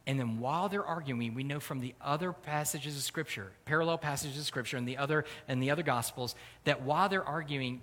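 A man preaching a sermon as pastor, earnest, swelling louder and higher for emphasis. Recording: long hall reverb.

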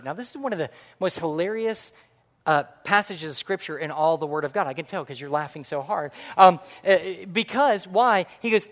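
A man preaching a sermon as pastor, animated and jokey, swinging from loud punchlines to quiet earnest points. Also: on the high side, fairly quick. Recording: long hall reverb.

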